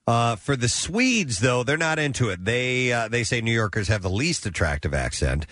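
A man's voice: medium pitch, moderate pace, no echo, clean studio sound. A man from the Midwest hosting a radio morning show, chatting casually and reading live ads. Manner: relaxed, chatty with hesitations. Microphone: studio microphone.

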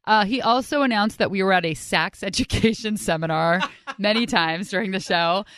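A woman hosting a podcast, telling stories in an upbeat, chatty, animated way. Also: mid-range voice, normal speed, dry recording, clean studio sound. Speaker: podcast host. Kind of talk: casual storytelling narration.

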